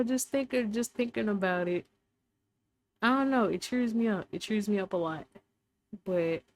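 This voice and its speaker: A woman's voice: on the low side, a little mellow. A woman hosting a casual faith podcast, talking in a rambling, unscripted way and sometimes giggling. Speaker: podcast host.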